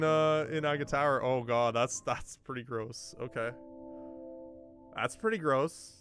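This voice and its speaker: A man casually commentating a video game race for his chat, excitable and laughing often, with sudden bursts of loud disbelief. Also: mid-range voice, a little slow, soft background music.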